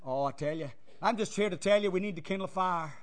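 A man's voice: sits high, fast. Fiery preacher man. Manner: fiery, swings from loud to hushed. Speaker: pastor. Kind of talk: sermon.

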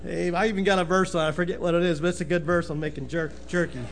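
A man's voice: high voice, steady tone, racing. A man preaching, telling folksy jokes and calling out amen and brother. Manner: folksy, says "amen" and "brother" often, laughs at own jokes. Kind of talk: joking sermon opening.

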